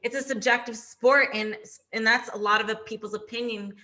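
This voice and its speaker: Bright-voiced chatty young woman. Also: on the high side, brisk. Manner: chatty, animated, acts out quoted voices. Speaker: podcast guest, bikini competitor. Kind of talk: casual chat.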